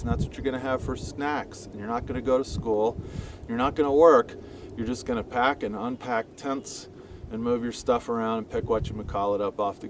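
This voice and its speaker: A man teaching a Bible lesson outdoors in a lively, conversational storytelling manner, talking straight to his listeners. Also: mid-range voice, far from the mic, a little hiss or hum, low-quality recording. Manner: animated, storytelling, addresses listeners directly.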